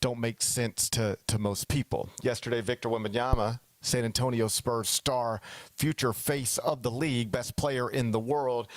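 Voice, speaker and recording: Animated male sports talk host. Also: mid-range voice, normal speed, no echo. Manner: animated, slips into mock quotes of others.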